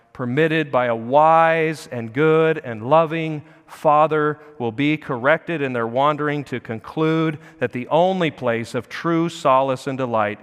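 A man preaching a sermon, earnest, swelling louder and slower on key phrases. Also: medium pitch, in a large hall. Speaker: pastor. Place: church sanctuary.

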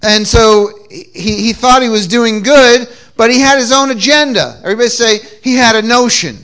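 A pastor from New England preaches a sermon in church, using call-and-response cues and often restarting his lines. His voice is extremely high-pitched and fairly bright, delivered at a moderate pace.

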